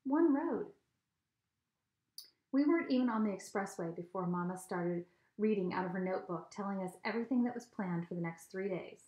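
A woman reads a children's novel aloud in a mid-range voice, telling the story steadily and expressively. She is at home, and the room gives her voice a clear echo. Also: medium pitch, expressive, brisk, warm tone, muffled recording. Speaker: reader. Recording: echoey room.

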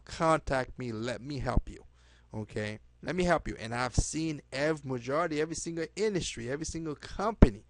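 Pushy man pitching, dry close sound. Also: dry recording. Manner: pushy, repeats "okay?" often, halting restarts; swings from loud emphatic bursts to low trailing asides. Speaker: network marketing recruiter. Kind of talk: direct-to-camera sales pitch.

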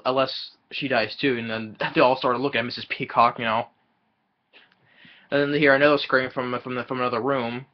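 A man casually retelling a film's plot in a rambling, halting way, with many fillers and chuckles. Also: medium pitch, highs cut off. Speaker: film reviewer.

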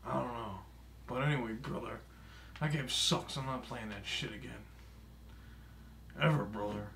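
A man's voice: mid-range voice, moderate pace, a bit bright, a little hiss or hum, lightly acted. A man voicing a boastful, broke, aging male pro wrestler for comedic gameplay commentary, swearing often, chuckling and calling everyone brother or dude. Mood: grumbling. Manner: tacks brother or dude onto nearly every phrase.

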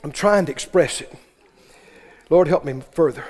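A man's voice: on the high side, breathy edge, in a large hall. A man preaching a sermon to a congregation, with fervent, repetitive exhortation.

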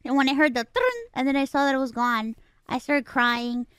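A woman chatting casually while streaming a game, talkative and quick to giggle. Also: high voice, fairly bright tone, smooth, no room sound. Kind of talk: casual gameplay chat.

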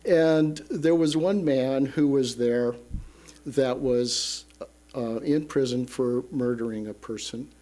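A retired older man shares a story with his congregation, speaking slowly and with long pauses. His voice is low, mellow and warm, and he stops often to search for words. He is halting and reflective throughout. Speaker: congregation member sharing a testimony. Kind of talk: personal story at a church service. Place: church sanctuary.

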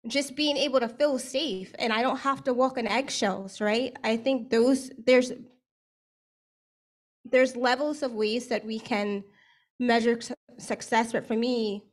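A woman's voice: a little high, steady tone, unhurried. A young woman who works as a service provider, speaking earnestly on a panel and often checking in with "right?". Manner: earnest, frequent tag questions. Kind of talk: panel discussion remarks.

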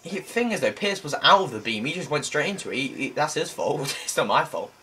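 A young man giving excitable let's play commentary, shouting exclamations and making sound effects while he plays. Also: fairly high pitch, a little fast, slightly rough. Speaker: gameplay commentator.

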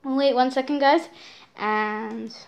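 A woman hosting her own channel, giving excitable let's-play commentary on a survival game and often addressing her viewers directly. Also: sits high, slow pace, gravelly, muffled recording, slight background noise.

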